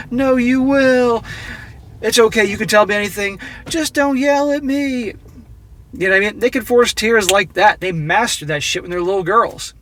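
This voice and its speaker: A man's voice: sits high, pushed and bright. A man with a blunt, opinionated manner, reading a story aloud and adding his own commentary, speaking straight to his viewers. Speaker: relationship advice commentator.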